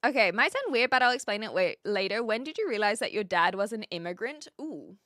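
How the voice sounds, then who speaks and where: Lively bright-voiced New woman. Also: medium pitch, fairly quick, dry recording, clean studio sound. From New Zealand. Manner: chatty, lots of fillers and restarts. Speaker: streamer. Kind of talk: casual live-stream chat, reading and answering chat.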